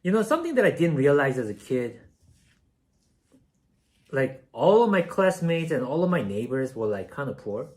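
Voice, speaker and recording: A man's voice: on the high side, very animated, normal speed, pauses often. A young man from South Korea casually telling a story while baking, rambling and self-deprecating, with many fillers. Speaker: streamer.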